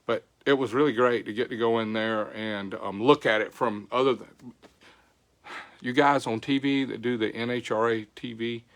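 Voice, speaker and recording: A man's voice: medium pitch, steady tone, normal speed, a bit bright. An older man hosting a casual livestream, folksy, greeting viewers by name. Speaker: show host. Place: home.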